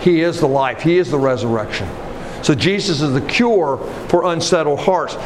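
Fervent male preacher, rising to shouts. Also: lively intonation, normal speed, background noise. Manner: swings from low earnest talk to loud rising exhortation. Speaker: pastor. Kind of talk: sermon.

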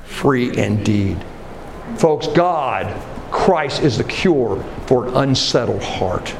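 A man preaching a sermon, moving from low earnest talk to loud rising exhortation. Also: animated, slow, gravelly, noisy background. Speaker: pastor.

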